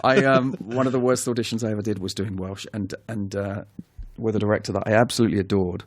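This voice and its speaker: Lively man telling stories. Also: on the low side, fast talker, no echo, studio quality. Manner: animated, self-mocking storyteller who laughs often. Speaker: guest actor. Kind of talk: casual podcast chat.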